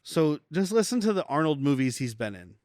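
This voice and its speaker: Guy on a movie podcast, kinda high voice, rambly, dry close mic. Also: big pitch swings, fairly quick, a little mellow, dry recording. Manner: rambling, laughs often. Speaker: podcast co-host. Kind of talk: casual movie chat.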